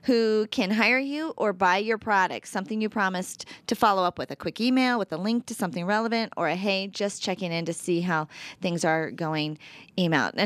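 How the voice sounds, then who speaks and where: A woman's voice: medium pitch, dry recording. A woman co-hosting a radio talk show, chatting casually as she reads through a list of tips, with plenty of fillers. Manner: chatty, upbeat, lots of fillers.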